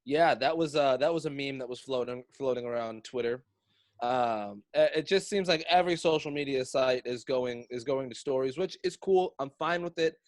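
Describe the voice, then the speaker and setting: A man's voice: medium pitch, normal speed, no room sound. Sarcastic man on a dry podcast mic. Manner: wry, sarcastic, swears freely. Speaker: podcast host. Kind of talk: casual podcast chat.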